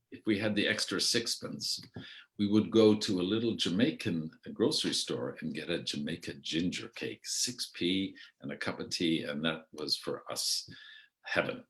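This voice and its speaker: Very deep-voiced older Canadian man reminiscing. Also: animated, a bit bright. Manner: unhurried and hesitant, with many ums and restarts, mimicking voices in anecdotes. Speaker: outgoing artistic director telling his theatre life. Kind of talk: rambling spoken memoir.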